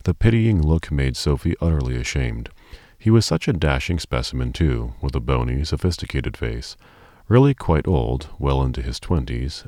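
A man narrating an audiobook in a calm, measured storytelling manner. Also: very deep voice, no echo, studio quality.

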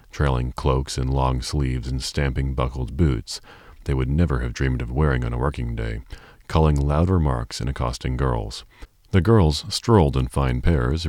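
Male audiobook narrator, extremely deep voice, calm and measured, dry booth sound. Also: no room sound.

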